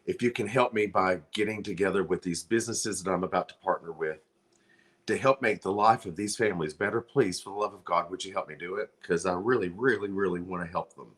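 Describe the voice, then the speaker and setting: A man's voice: sits low, brisk, fairly bright tone. A man hosting a livestream, making an earnest, pleading charity appeal while fighting back tears. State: close to crying. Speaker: livestream host.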